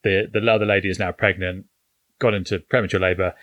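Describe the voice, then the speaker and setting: A man's voice: low voice, level tone, quick pace, a bit bright, no echo. A man casually recapping a film plot and quoting the characters, swearing now and then, on a podcast. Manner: retells scenes, swears casually. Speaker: podcast co-host. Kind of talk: casual film review chat.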